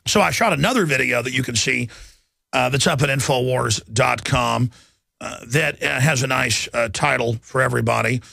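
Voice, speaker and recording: A man with a gravelly, fry-laden voice, ranting hard as a talk radio host. His tone is bright and forceful, and he delivers it close on a studio mic with a dry, dead sound. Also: mid-range voice, moderate pace, no room sound. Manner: intense and combative, mocking impressions of others.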